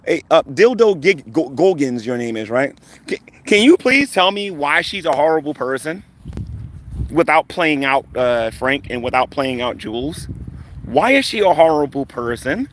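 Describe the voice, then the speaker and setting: A man's voice: fairly high pitch, big pitch swings, moderate pace, slight background noise. A man running a live stream, taunting rivals in a combative, rambling rant full of fillers. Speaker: online commentator on a live stream.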